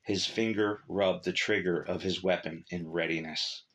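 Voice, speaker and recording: A man narrating a short story in a measured, steady reading. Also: low-pitched.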